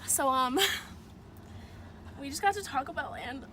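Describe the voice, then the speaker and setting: A woman's voice: high voice, animated, slow. A young woman chatting playfully in a car, giggly and bubbly as she vlogs. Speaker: vlogger. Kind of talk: casual chat. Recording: car recording with background noise.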